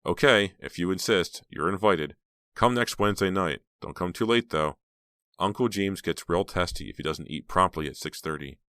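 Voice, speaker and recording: A man's voice: low voice, lively intonation, moderate pace, pushed and bright, clean tone, dry recording, studio quality. A man reading an audiobook, voicing a bitter, anxious teenage girl in a raised, pleading voice.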